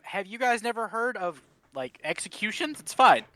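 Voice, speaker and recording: A young adult player in a tabletop game, excitable and quick, stumbling over restarts. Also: medium pitch, a little hiss or hum. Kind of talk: casual tabletop game chat.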